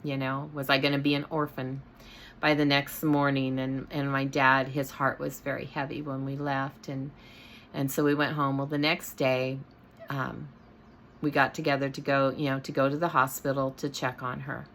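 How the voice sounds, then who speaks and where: A woman's voice: rumbling low, little pitch movement, normal speed, fairly bright tone, slight background noise. A middle-aged woman hosting, telling a personal story in a casual way, with many fillers and restarts. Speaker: host.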